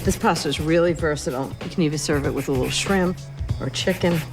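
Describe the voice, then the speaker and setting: A low-voiced woman walks viewers through a recipe in an easy, unhurried cooking-show manner. She sounds relaxed and effortless, never pushing. Clear music plays under her voice in this clip. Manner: relaxed, effortless, steady tempo. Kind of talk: cooking demonstration.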